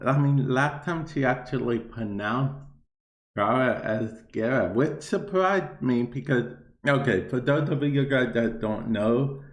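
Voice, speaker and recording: A man hosts a casual podcast chat in a relaxed, easygoing way, often laughing along. He speaks at an unhurried, slow pace. His voice carries a roomy echo. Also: medium pitch. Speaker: podcast host.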